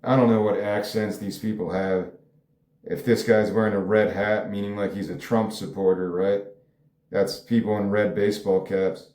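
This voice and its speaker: A man's voice: fairly low pitch, level tone, normal speed, a little mellow. A man casually talking through his own screenplay, musing aloud and rambling with frequent hedges. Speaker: screenwriter discussing his script. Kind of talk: casual solo commentary. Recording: echoey room.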